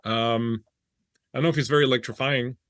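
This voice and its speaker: A man's voice: medium pitch, steady tone, a little fast, fairly bright tone, no echo, studio quality. A man with a French Canadian accent, a player on a tabletop game podcast, talking in a joking, rambling way. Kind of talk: casual podcast chat.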